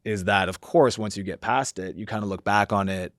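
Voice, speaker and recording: A man's voice: lowish voice, a little fast, a bit bright, no echo, studio quality. A man talking as a podcast guest, reflecting at length with many fillers and acting out his own quoted thoughts. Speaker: podcast guest, company founder. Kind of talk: reflective conversational interview.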